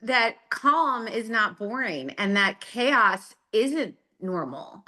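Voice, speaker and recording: Woman guest, forties, bright clear tone, measured and open. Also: on the high side, very animated. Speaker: podcast guest. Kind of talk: casual interview chat.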